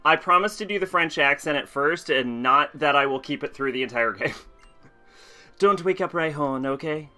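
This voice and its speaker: A man streams a video game and chats casually with his viewers, laughing often between remarks. His voice sits slightly high with a bright, forward tone. Faint game music plays behind him. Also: normal speed. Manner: chatty, laughs often, answers chat.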